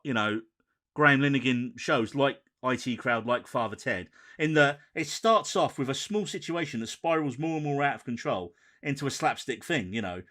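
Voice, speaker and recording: A man's voice: mid-range voice, animated, moderate pace, bright, forceful tone. A man co-hosting a podcast, chatting casually and leading the conversation with enthusiasm. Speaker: podcast co-host. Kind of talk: casual chat.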